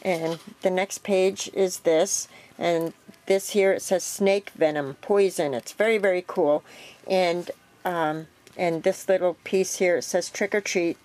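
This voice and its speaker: A woman with a slightly low voice talks through her homemade craft project in a loose, unhurried way. She fills pauses with ums and corrects herself as she goes, like a casual show-and-tell at her craft table. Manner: relaxed, rambling with many ums and self-corrections. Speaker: craft vlogger.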